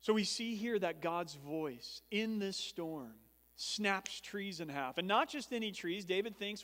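A man with a high, light voice delivers an expository sermon from the pulpit of a church sanctuary. He teaches in an earnest tone, rising in volume for key points and sinking low after them. His voice carries a long reverb from the large room. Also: lively intonation, measured pace, a bit bright. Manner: earnest teaching tone, swells and drops in volume for emphasis. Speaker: pastor.

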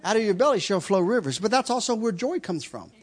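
Preacher guy telling a funny story in a sermon, super animated, voice jumps all over, keeps laughing. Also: high-pitched, fast, husky. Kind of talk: humorous testimony in a sermon.

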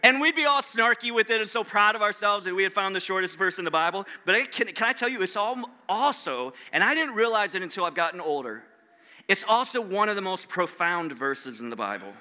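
High, bright-voiced male pastor preaching. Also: expressive, a little fast. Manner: conversational, self-deprecating, with frequent restarts. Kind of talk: sermon.

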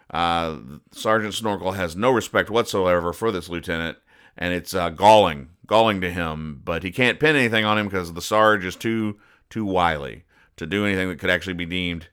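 A man hosting a podcast, recapping comic strips in a casual, deadpan way and explaining each joke. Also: sits low, smooth. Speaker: podcast host.

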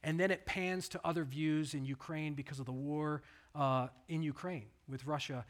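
A middle-aged pastor giving a conversational sermon, telling stories in an earnest, plain way. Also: male voice, on the high side, fairly even intonation, normal speed.

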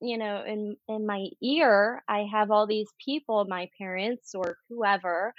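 A woman's voice: medium pitch, steady tone, unhurried, no room sound. A woman guest telling her story earnestly in candid conversation, acting out the voices she remembers. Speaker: podcast guest. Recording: dull lo-fi sound.

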